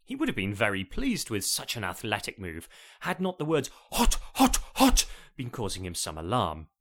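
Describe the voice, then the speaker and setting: Lively, wry male storyteller. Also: fairly low pitch, brisk. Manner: wry and playful. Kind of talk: comic story narration.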